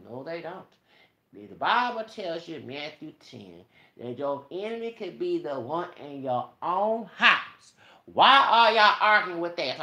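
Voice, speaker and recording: A man's voice: fairly high pitch, pushed and bright, echoey room. A man delivering a preachy, profane rant straight to his viewers, quoting scripture and calling them y'all. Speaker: vlogger. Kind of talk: ranting monologue to viewers.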